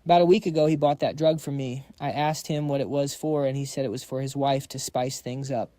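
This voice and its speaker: A man's voice: mid-range voice, fairly even intonation, fairly quick, mellow, no echo, clean studio sound, natural voice. A matter-of-fact pharmacist, read by a man.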